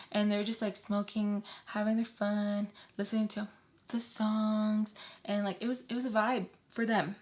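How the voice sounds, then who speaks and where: A young woman tells a personal story straight to camera in a casual vlog. She talks in slang, keeps a mid-pitched voice and acts out the lines of the people in her story. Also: normal speed. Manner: animated, slangy, acts out quotes of others.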